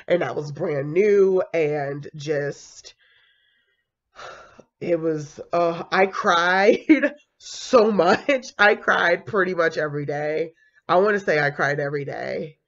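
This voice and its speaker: A woman's voice: fairly low pitch, highs cut off. A young woman, a kindergarten teacher, chatting animatedly about her career with lots of fillers and laughs. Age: young adult. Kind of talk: casual storytelling vlog.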